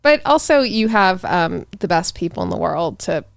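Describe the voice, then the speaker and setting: Woman co-host with a gravelly voice. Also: lowish voice, sing-song, no echo, clean studio sound. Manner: quick wry interjections. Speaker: podcast co-host, comedian. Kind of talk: casual chat.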